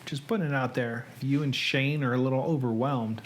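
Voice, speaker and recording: A man's voice: mid-range voice, steady tone, fairly quick, slight background noise. A man hosting a casual livestream from his home editing room, chatting and greeting viewers by name. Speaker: host.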